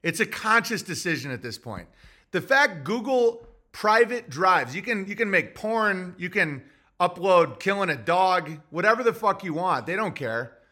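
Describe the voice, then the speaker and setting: Male podcast host, high bright voice, profane agitated rant. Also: big pitch swings, moderate pace. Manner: profane, agitated ranting with restarts and mock voices. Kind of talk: rambling commentary monologue.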